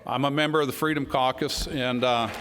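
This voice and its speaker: Folksy congressman, middle-aged, mid-pitched, off-the-cuff speech with long hall echo. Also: steady tone, fairly quick, background noise. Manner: folksy, storytelling, says y'all. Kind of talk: unscripted political speech. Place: large hall before a crowd. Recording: hall reverb with crowd.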